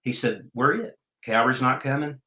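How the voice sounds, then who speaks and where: A man spins an unhurried, folksy yarn as a podcast guest. His voice is bright and forceful. The room around him adds a noticeable echo. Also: mid-range voice. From Oklahoma. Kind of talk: storytelling in a podcast interview.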